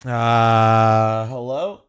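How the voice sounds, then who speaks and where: A man's voice: mid-range voice, steady tone, drawn-out words, smooth. A man hosting a live-stream watch party, chatting casually with his viewers in a loose, laughing, profane way with a slightly nasal voice. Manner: loose, swearing, laughing, talking straight to chat.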